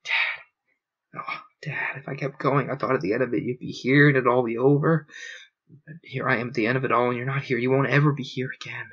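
A man's voice: medium pitch, fairly even intonation, fast talker, husky, muffled recording, close to an everyday voice. A man reading aloud, voicing a young man grieving his father, who speaks in raw outbursts. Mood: grief-stricken.

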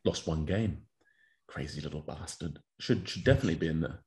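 Male co-host, very low voice, relaxed and blunt. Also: fairly quick. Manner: laid-back, blunt banter. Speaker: co-host, rugby prop. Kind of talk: casual chat.

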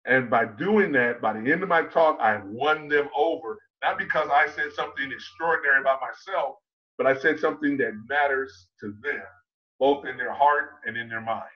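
A man coaching on public speaking in an online conference talk, emphatic and full of rhetorical questions, slowing down to stress key points. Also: medium pitch, highs cut off.

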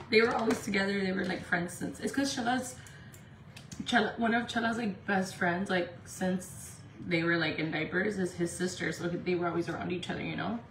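A woman from Indio, California, chatting casually on a makeup livestream from home, talking fast and loose, swearing freely and saying "like" a lot. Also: mid-range voice, distant mic. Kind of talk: casual live-stream chat. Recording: echoey room with faint background noise.

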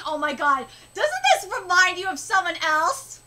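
Shrieking, excitable woman with a very high voice. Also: normal speed, few pauses, background noise. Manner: excitable, gushing, shrieking with delight. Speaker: host. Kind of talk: live manga reaction.

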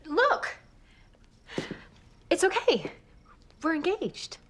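A woman's voice: very high voice, sing-song, extremely slow, slight background noise, full character voice. A blunt, touchy woman. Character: blunt, touchy young woman, newly engaged.

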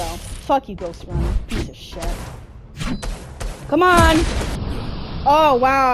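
A woman's voice: sits high, slight background noise. A woman giving frustrated gameplay commentary, cursing at the game nonstop. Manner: constant angry cursing at the game. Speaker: gamer.

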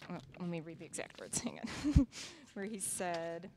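A woman's voice: lowish voice, moderate pace, mellow, slight background noise. A woman teaching a children's Sunday school lesson, casually explaining with fillers and reading a Bible story aloud.

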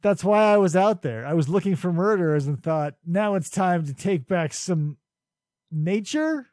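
A man's voice: high voice, expressive, normal speed, darkish tone, dry recording. A man co-hosting a casual comedy podcast, telling a story with dry, mock-logical reasoning. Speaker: podcast co-host.

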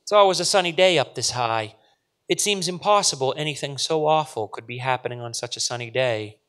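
Man reading as calm man, wistful, conversational, storybook voice. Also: medium pitch, fairly quick, lightly acted. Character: calm man admiring the sky.

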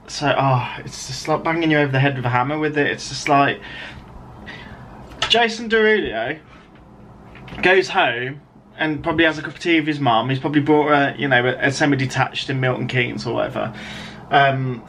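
An English writer in his thirties rants through a video commentary, exasperated, sarcastic and rambling. His voice is mid-range and a bit bright, with slight background noise behind it.

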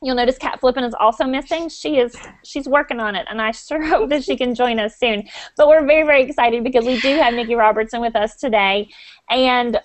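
A woman's voice: a little high, a little fast, no echo. A woman hosting a live online talk show, upbeat and chatty, laughing often. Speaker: host. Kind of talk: casual live webcast chat.

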